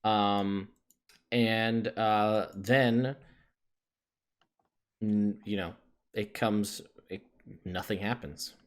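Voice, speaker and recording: A game master guides players through a tabletop session with a loose, unhurried delivery, full of ums and uhs and quick restarts. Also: medium pitch, fairly even intonation. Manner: loose, with many fillers and restarts. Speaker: dungeon master.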